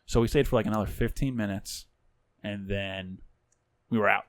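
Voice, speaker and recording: A man telling a story on a podcast, animated and profane, with much swearing. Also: lowish voice, moderate pace, no echo, studio quality. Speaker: podcast co-host. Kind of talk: casual storytelling chat.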